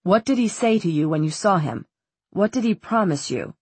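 A woman's voice: lowish voice, expressive, moderate pace, darkish tone, husky, no echo. A woman reading the lines of a concerned, hesitant older man in an audiobook, in close to her own narrating voice. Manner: hesitant, questioning.

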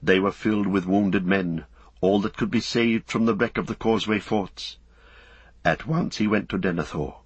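A man narrating an audiobook in an even, steady storytelling voice. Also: fairly low pitch, breathy edge, dry recording. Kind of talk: scripted narration.

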